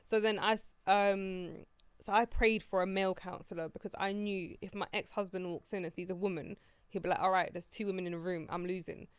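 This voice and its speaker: A woman's voice: medium pitch, steady tone, a little fast, clear, resonant tone, dry recording. A woman guesting on a podcast, speaking emphatically and making her points firmly in casual chat.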